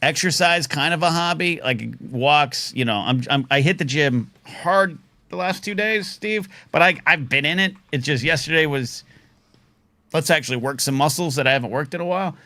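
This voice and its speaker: A man's voice: on the high side, moderate pace, bright, forceful tone, no room sound. A man in his forties hosting a live talk show, rambling and self-deprecating in casual banter.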